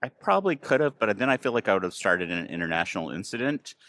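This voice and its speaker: Low-voiced American man chatting loosely. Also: sing-song, fast talker, a bit bright. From United States. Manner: rambling, filler-heavy storytelling. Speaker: podcast host. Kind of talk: casual chat. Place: outdoors near a train station.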